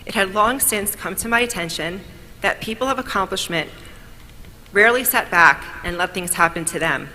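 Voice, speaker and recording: A woman's voice: medium pitch, normal speed, bright, forceful tone. A woman from New York giving an upbeat, grateful speech at an awards event and telling a story along the way. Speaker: award speaker. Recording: long hall reverb, faint noise.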